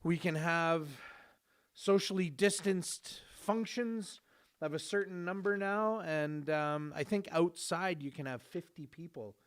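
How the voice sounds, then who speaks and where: A man's voice: fairly high pitch, unhurried. A man, hosting a podcast in a jokey, easygoing way with plenty of fillers. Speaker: podcast host. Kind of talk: casual podcast chat.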